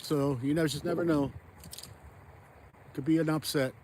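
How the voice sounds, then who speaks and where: A man vlogging as he ice fishes outdoors on a frozen pond, rambling and thinking out loud into a phone camera. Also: a little high, steady tone, normal speed, a little hiss or hum. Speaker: fishing vlogger. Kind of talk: casual narration while ice fishing.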